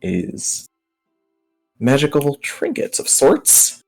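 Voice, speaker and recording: A man's voice: fairly high pitch, big pitch swings, extremely slow, darkish tone, voice pushed up, full character voice. A brash female merchant with a salesy, swearing patter, put on by a man in a raised voice. She talks up her wares like a seasoned hawker, though she is new to the business. Faint music runs behind the tabletop game. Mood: pushy, grateful.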